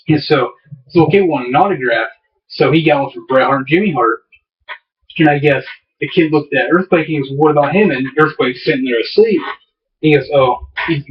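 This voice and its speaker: A man co-hosting a podcast, telling stories in casual chat with lots of fillers and restarts. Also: on the high side. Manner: rambling storyteller, many fillers and restarts. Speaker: podcast co-host. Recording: distant, dull lo-fi mic.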